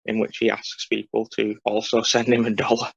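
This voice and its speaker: A man's voice: fairly low pitch, monotone, moderate pace, gravelly, slightly rough, dry recording, muffled recording. A man co-hosting a podcast, explaining in a dry, matter-of-fact casual chat. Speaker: podcast co-host.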